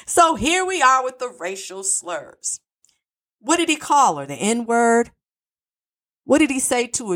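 A woman's voice: medium pitch, fairly bright tone. A woman telling a true crime story in her own words, with blunt asides to the listener. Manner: opinionated, talks straight to the listener. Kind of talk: true crime narration with commentary.

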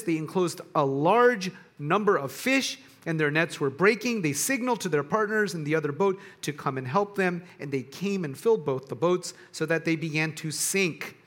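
A man preaching a sermon to students in a conversational way, often restarting his sentences and dropping softer on quiet points. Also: fairly high pitch. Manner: conversational, searching for words with restarts. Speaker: pastor.

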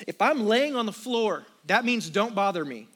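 A man in his thirties from the United States preaching a sermon, telling stories with animated, acted-out outbursts. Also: high voice, normal speed. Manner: storytelling, animated, acts out his own outbursts. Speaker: pastor. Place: church auditorium with congregation.

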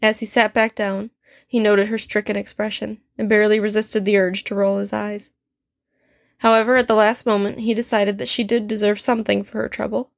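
Woman, story narration, measured, medium pitch, dry recording. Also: flat delivery, gravelly, no room sound. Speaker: fanfiction reader.

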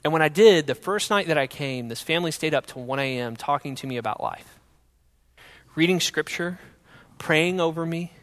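A young man telling his personal faith testimony in an earnest storytelling way, going from loud to hushed. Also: sits high, in a large hall.

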